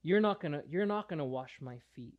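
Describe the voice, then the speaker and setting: A man's voice: fairly high pitch, lively intonation, brisk, narrow, tinny audio, close to an everyday voice. A man playing Peter as an impulsive disciple who bluntly protests, retold within a sermon. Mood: protesting.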